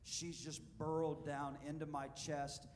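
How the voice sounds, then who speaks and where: A man preaching in a church, his slightly high voice ringing out into a long reverb. He tells his story with animated energy, stopping often to ask the congregation questions. Faint room ambience sits under the voice. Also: measured pace, slight background noise. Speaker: pastor. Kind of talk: sermon with storytelling. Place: church sanctuary.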